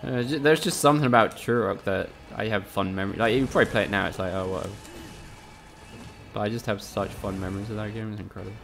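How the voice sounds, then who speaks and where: A man's voice: on the low side, fast, creaky, slight background noise. A man casually commentating a live game stream, chatting with viewers, swearing often and joking sarcastically. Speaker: gaming streamer.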